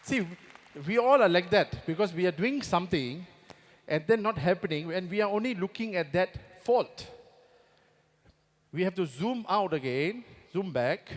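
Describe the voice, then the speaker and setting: A man's voice: high voice, lively intonation, moderate pace. A man from Singapore with a Singaporean English accent, giving a motivational stage talk and constantly asking the audience to agree with him. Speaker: motivational speaker. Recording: long reverb of a big hall.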